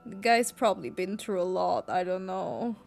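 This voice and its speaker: A woman's voice: mid-range voice, normal speed, gravelly, faint music behind. A woman commenting casually while playing a story game, chatty and giggly, full of "like". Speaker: gaming streamer. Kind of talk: casual let's-play commentary.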